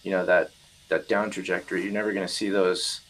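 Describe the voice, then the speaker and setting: A man with a fairly low voice works his thoughts out in real time, stacking fillers and hedges as he goes. The chat is relaxed and unscripted, recorded in a home basement. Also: brisk, rough recording. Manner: thinking aloud, many fillers and hedges. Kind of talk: casual chat.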